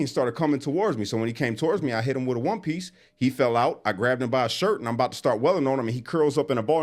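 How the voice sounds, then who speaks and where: A man guest telling an animated story in casual talk. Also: medium pitch. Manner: animated, quick storyteller who acts out quotes. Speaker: interview guest.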